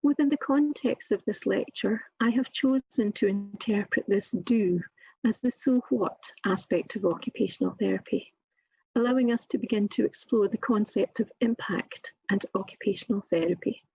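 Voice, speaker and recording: Raspy Scottish woman giving a lecture. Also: mid-range voice, darkish tone, dry recording. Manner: measured, deliberate, emphatic delivery. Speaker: occupational therapy lecturer. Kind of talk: formal prepared lecture. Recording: muffled lo-fi recording.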